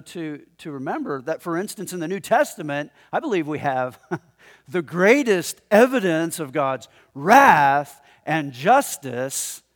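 A man preaching a sermon in a conversational, animated way, often chuckling as he talks to the congregation in the room. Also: fairly high pitch. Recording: long hall reverb.

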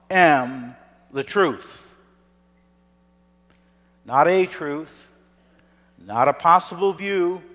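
A man preaching a sermon as a pastor, emphatic and swinging between hushed, low passages and loud declarations. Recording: long reverb of a large hall.

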